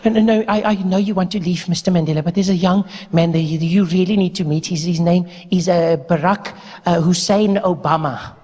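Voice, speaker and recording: A man's voice: high voice, fairly even intonation, fairly quick, darkish tone, in a large hall. A man doing a polite, hesitant assistant woman.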